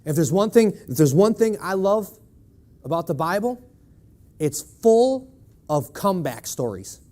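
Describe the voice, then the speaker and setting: A man's voice: high voice, very animated, a little slow, dark tone. A man preaching a sermon in a church, emphatic and leaning on rhetorical questions to the congregation.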